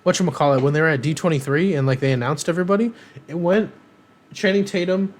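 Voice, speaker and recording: A man's voice: on the high side, fast talker. A man co-hosting a podcast, chatting casually and rambling with lots of ums and uhs. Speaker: podcast co-host. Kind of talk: casual chat.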